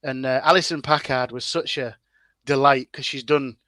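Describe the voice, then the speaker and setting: Bright-voiced chatty man. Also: mid-range voice, steady tone, moderate pace, slight background noise. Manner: chatty, lots of fillers and restarts. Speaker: guest content creator. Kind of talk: casual interview chat.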